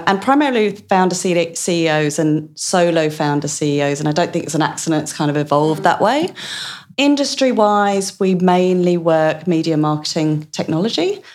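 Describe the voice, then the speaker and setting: A woman's voice: on the low side, lively intonation, normal speed. A woman in her thirties from Essex with an Essex accent drifting toward Australian, chatting as a podcast guest with frequent ums and restarts. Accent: Essex English with Australian drift. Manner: chatty, many ums and self-corrections. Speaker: guest, director of a virtual CFO advisory firm. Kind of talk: casual podcast interview.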